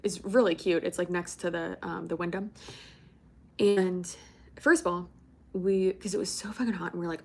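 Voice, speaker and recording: A woman's voice: on the low side, steady tone, moderate pace, darkish tone, a little hiss or hum. A young woman from Florida chatting casually on a livestream, rambling with many fillers and casual swearing. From Tampa, Florida. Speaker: livestream host.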